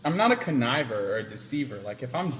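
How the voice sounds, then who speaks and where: A man's voice: medium pitch, fast talker, over a noisy crowd. A man interviewing a guest on a casual live stream, telling stories and acting out what people said. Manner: animated storyteller, acts out quotes. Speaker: interviewer livestreaming. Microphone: handheld camera.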